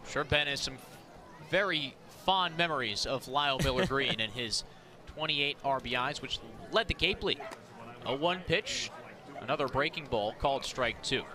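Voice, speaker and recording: A man calling live baseball play-by-play, rattling off pitches and counts, rising to shouts on big plays. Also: animated, moderate pace. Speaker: play-by-play announcer. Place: outdoor ballpark broadcast booth. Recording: outdoor ballpark crowd behind. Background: ballpark crowd.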